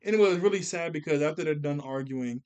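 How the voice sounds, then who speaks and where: A young man talks through a cartoon episode in a relaxed, slangy review style. His voice sits a bit high for a man. He gets animated and breaks into laughter as he recaps. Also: quick pace, smooth.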